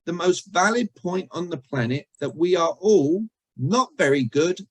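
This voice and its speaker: A man's voice: a little high, expressive, a little slow, no echo, low-quality recording. British-born man teaching a chatty video-call workshop. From Britain. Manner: chatty, jokey, asks the audience questions. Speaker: communication trainer. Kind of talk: interactive online workshop.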